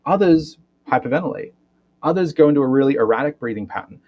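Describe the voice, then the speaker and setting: A physiotherapist and breathwork educator explains things animatedly in a podcast interview, often finishing points with a questioning "right?". He talks fast at medium pitch, and the sound is lo-fi.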